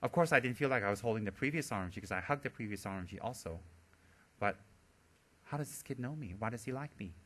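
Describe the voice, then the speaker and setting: A Buddhist teacher gives a dharma talk in a bright, forward voice at a middle pitch. He tells stories with animation, laughs often and playfully teases his listeners. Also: animated, fast.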